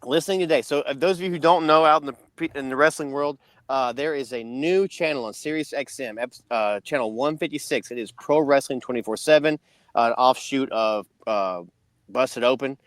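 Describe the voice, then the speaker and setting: Medium in pitch and fairly quick, this man co-hosts a podcast and spins a long, casual, rambling story full of restarts. There's no room sound.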